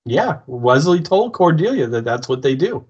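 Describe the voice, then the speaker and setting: A man's voice: on the high side, very animated, moderate pace, husky, muffled recording. A podcast co-host man in casual chat, laid-back and joking. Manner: laid-back, jokey asides.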